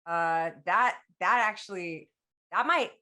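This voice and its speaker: A woman improvising as a player in a tabletop game, talking in halting, meandering bursts. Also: lowish voice, bright, forceful tone. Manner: halting, full of fillers and restarts. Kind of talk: improvised tabletop role-play.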